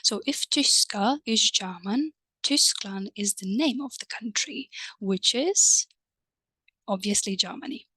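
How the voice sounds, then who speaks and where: A woman teaching a recorded online language lesson, patient and explanatory, checking in with her viewers through little prompts and soft hums of agreement. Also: mid-range voice, lively intonation, unhurried, slightly rough, no room sound.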